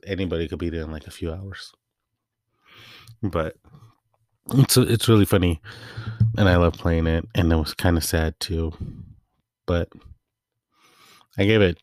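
Deep-voiced man in casual rambling chat. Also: no room sound, studio quality. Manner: rambling, laid-back storytelling with many fillers. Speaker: podcast host.

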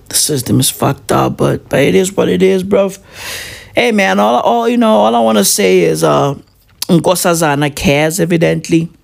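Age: 30s. Sex: man. Style: slow rambling comic monologue. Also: a little high, vocal fry. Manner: profane, keeps asking "right?" and "bruv". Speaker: comedian vlogger.

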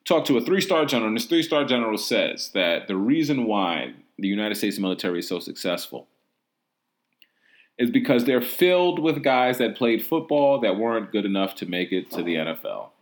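A man's voice: fairly low pitch, normal speed. A man hosting a solo sports podcast, rambling and mocking in a casual, profane way, full of "like" and "um". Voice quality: profane, rambling, heavy use of "like" and "um". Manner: animated, mocking, incredulous. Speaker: podcast host.

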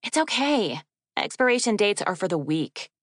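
A woman's voice: medium pitch, sing-song, moderate pace, no room sound, studio quality, voice pushed up. Woman voicing a teary, flustered young woman. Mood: sheepish. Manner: stammering, self-deprecating. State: crying.

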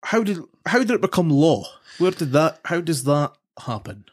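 A man hosting a relaxed interview. His voice swings lively up and down, and he jumps in with eager praise before asking his next question. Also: on the high side. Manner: enthusiastic, quick approving interjections. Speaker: podcast host. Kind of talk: casual interview.

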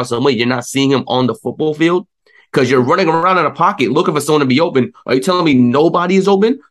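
A young man co-hosts a casual sports talk show. He rants with frustration, full of fillers and rising heat. His voice sits at an ordinary middle pitch. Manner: frustrated, animated rant with many fillers. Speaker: sports podcast co-host.

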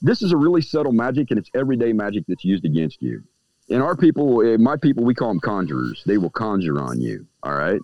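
A man's voice: on the low side, big pitch swings, quick pace, no room sound. A man talking as a guest in a casual podcast conversation about everyday magic, who smokes a cigar as he talks and acts out the people he quotes. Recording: dull, dry lo-fi audio.

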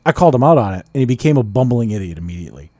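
Male podcast co-host, swaggering and profane, lively pitch, dry close sound. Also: racing, no echo. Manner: animated, swearing, boastful storytelling. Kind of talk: casual chat.

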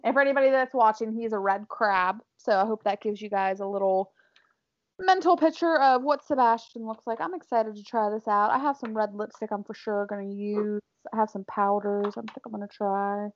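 A young woman co-hosting a casual makeup chat, excitable and bubbly, on a dull lo-fi recording. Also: mid-range voice. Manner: excitable, bubbly, quick to laugh. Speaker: co-host.

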